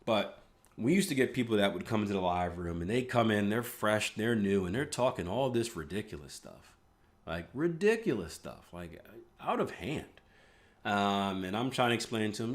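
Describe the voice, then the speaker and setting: A man's voice: lowish voice, animated, moderate pace. A man hosting a live trading room, analyzing charts in a casual, chatty way with rambling asides.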